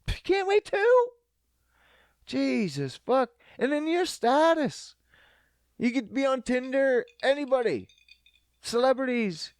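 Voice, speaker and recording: A man's voice: extremely high pitch, sing-song, slow pace, long pauses, no echo, clean studio sound. A young man hosting a comedy podcast on his own, rambling, swearing and poking fun at himself. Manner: profane, rambling, self-mocking. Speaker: podcast host. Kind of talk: solo comedic podcast rant.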